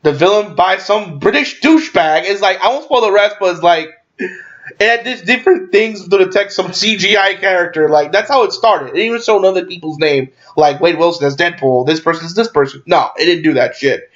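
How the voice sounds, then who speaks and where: Sitting high and a bit bright, the man's voice moves briskly through an offhand film review captured in dull lo-fi audio. He rambles, swears, and is full of fillers and false starts.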